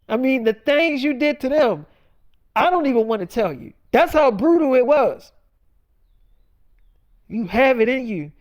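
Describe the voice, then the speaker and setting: A man's voice: very high voice, darkish tone. Guy going off in a freestyle rant, cussing a lot, preachy, keeps repeating himself. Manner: preachy, blunt, swears heavily, rambling repetitions. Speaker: self-styled prophet vlogger. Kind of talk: profane freestyle monologue.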